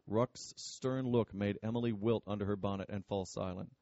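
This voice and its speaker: A man narrating an audiobook in a steady, measured way, with a low voice. His tone is warm and mellow. The recording is dry and a little dull. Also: no room sound.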